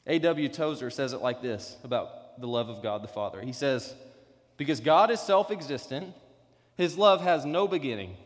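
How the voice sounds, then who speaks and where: A man's voice: medium pitch, lively intonation, normal speed. A man preaching a sermon as pastor, earnest and conversational, telling stories to the congregation. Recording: long hall reverb.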